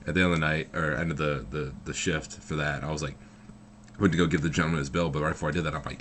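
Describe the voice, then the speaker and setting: Speaking with a very deep, fairly even voice, a young vlogger rattles through a personal story at a quick pace in a fairly bright tone. The telling is casual and rambling, heavy with fillers and swearing, with a little hiss or hum audible.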